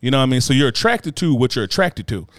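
A man's voice: mid-range voice, sing-song, fast, no room sound, studio quality. A man on a casual podcast chat, talking bluntly and with lots of profanity, often checking in with "you know what I mean". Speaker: podcast co-host.

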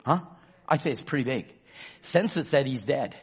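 A pastor preaching a sermon. He drops to a murmur, then shouts for emphasis and calls out to the congregation for amens. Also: lively intonation, normal speed, slightly rough, dull audio. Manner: swings between low murmurs and loud shouted emphasis.

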